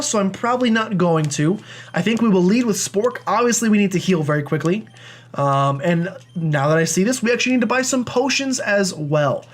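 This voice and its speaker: A young man hosting a video game playthrough, chatting in a rambling, self-deprecating way as he plays. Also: high-pitched. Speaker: let's play host. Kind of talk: game commentary.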